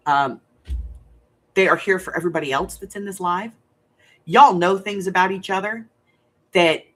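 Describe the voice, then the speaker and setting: A woman's voice: on the low side, fairly bright tone. An older woman, a grandmother hosting a crafting live stream, talking bluntly and rambling straight to her viewers. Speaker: crafting channel host. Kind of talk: casual livestream chat.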